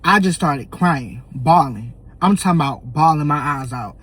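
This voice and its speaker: A young man tells a storytime vlog. He is animated and emotional, and he acts out his own lines and his family's. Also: fairly high pitch, slow, breathy edge. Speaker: vlogger.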